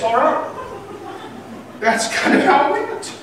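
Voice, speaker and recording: High, bright-voiced preacher in an echoey hall. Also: male voice, takes it slowly, pauses often, a little hiss or hum. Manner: animated preaching that swings between loud and quiet. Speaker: pastor. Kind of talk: sermon. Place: church sanctuary. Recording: echoey church hall from a distant mic.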